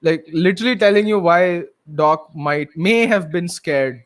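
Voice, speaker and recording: A man's voice: high voice, a little slow, no echo. Rambling Indian man co-hosting a podcast. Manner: rambling with many fillers, blunt. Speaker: podcast co-host. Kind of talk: casual chat.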